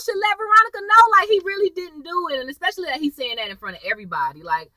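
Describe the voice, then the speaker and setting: A woman casually recapping a TV episode, acting out the characters' lines in a lively, chatty way. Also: very high voice, fast, few pauses, no room sound, poor audio. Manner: animated, acts out characters' lines. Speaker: TV episode reviewer.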